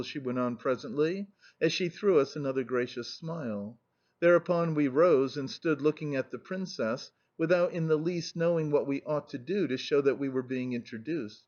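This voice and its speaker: A man narrating a classic novel in a measured, even reading. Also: a little high. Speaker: audiobook narrator. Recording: muffled lo-fi recording.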